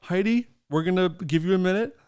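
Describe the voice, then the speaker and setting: A man hosting a casual podcast chat, teasing his co-host with loud, mocking bursts. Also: sits high, brisk, clean tone.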